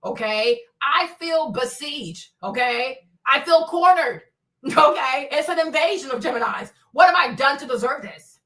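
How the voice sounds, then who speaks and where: A woman's voice: high-pitched, expressive, moderate pace, a bit bright, distant mic. A woman in her forties ranting bluntly and profanely on a livestream, laughing often. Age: 40s. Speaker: livestream host. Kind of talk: unscripted livestream rant.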